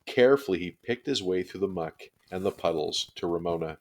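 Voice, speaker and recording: A man reading a children's chapter book aloud with steady, expressive storytelling. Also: low voice, a little fast, hardly any pauses.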